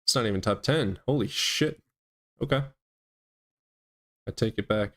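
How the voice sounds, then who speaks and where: A man's voice: fairly low pitch, a little slow, a bit bright. A man hosting a livestream in a casual, provocative, crude way. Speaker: livestream host.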